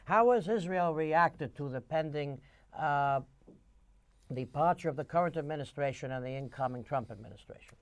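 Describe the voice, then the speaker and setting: A man's voice: a little high, moderate pace, highs cut off. A man hosting a conversational interview, speaking in long-winded runs and retelling stories at length before he asks his questions. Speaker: interview host.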